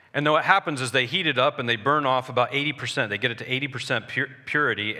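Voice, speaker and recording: Male pastor, mid-pitched, sermon delivery, earnest, reverberant sanctuary. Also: pushed and bright. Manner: earnest preaching with pauses and restarts. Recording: long reverb of a large hall.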